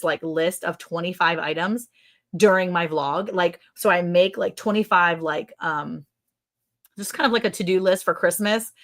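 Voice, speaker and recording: A middle-aged woman hosting a casual livestream chat. She is chatty, quick to laugh, and fills her talk with "like". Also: on the low side, a bit bright. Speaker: ranch channel host.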